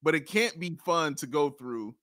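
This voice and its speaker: A man co-hosting a casual sports podcast, excitable, laughing often and repeating himself as he talks. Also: fairly high pitch, moderate pace, no room sound, clean studio sound. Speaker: podcast co-host.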